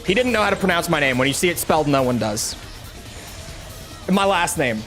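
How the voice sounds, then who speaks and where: A man's voice: a little high, animated, a little fast, fairly bright tone, faint music behind. A young man streaming a game, telling a rambling, self-mocking story in casual chat with lots of restarts. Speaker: gaming streamer.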